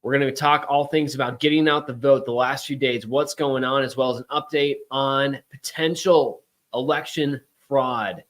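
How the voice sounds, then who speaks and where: A man's voice: mid-range voice, steady tone, moderate pace, few pauses, fairly bright tone. Chatty, emphatic male talk-show host. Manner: chatty, emphatic, rambling asides. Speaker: podcast host. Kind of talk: casual political talk show.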